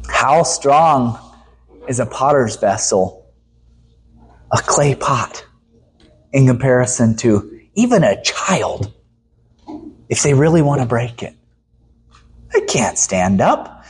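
A man preaching a sermon with emphasis, his voice rising high for the voices he quotes and dropping low when he reads scripture. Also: very animated, slow pace, long pauses, a little hiss or hum.

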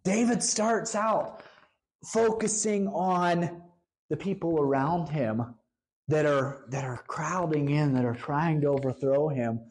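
A preacher delivering a sermon in an earnest, emphatic way, slowing down to stress the key lines. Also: mid-range voice, darkish tone.

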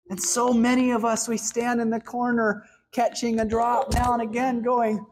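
A woman's voice: on the high side, little pitch movement, normal speed, hardly any pauses, a little mellow, a little hiss or hum, poor audio. A woman preaching a sermon, earnestly acting out little dialogues between God and a timid asker.

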